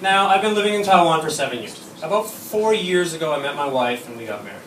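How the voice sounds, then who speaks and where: A man's voice: a little high, lively intonation, fast talker. A man performing a stand-up comedy set, telling bawdy stories and acting out the quoted lines. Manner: bawdy, storytelling with acted-out quotes. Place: comedy club stage. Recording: echoey room, from far off, noisy.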